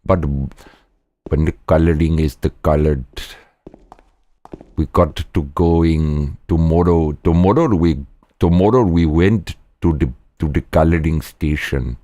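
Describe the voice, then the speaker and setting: A man putting on an Indian accent as a rambling, halting figure who talks garbled nonsense. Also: rumbling low, warm tone, no room sound. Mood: mock-earnest. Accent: put-on Indian. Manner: halting, garbled, repetitive phrasing.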